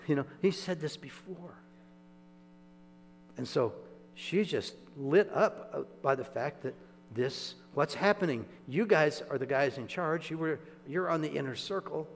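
Conversational preacher in an echoey hall. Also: male voice, a little high, measured pace. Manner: conversational, animated, chuckling asides. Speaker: pastor. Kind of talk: sermon. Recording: echoey hall with mains hum.

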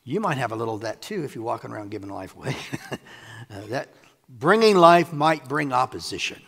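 A man preaching a sermon to a congregation, animated and quick to laugh as he paraphrases scripture. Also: medium pitch, gravelly, breathy edge, long reverb tail. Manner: animated, acts out scripture quotes, laughs often.

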